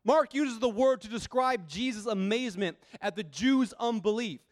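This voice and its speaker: A man preaching a sermon, earnest and emphatic, talking conversationally with rhetorical questions and moving between loud and quiet passages. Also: high-pitched, normal speed.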